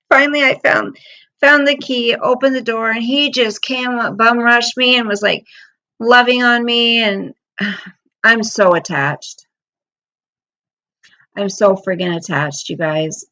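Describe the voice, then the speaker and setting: A woman's voice: on the high side, fairly even intonation, slow pace, long pauses, sharp tone, rough recording. A middle-aged woman chatting casually with viewers on a livestream, rambling through personal stories in an emotional way. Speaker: livestream host.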